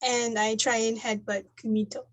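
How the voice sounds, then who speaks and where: A woman's voice: a little high, flat delivery, normal speed, low-quality recording. A woman playing a tabletop game, giggly and unsure. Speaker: player. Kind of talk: casual tabletop play.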